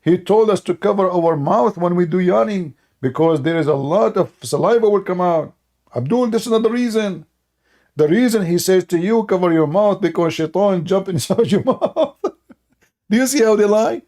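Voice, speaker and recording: A man's voice: sits high, moderate pace, a little mellow. A man giving a sarcastic, mocking commentary monologue in broken, non-native English, laughing at his own points. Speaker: online religion critic.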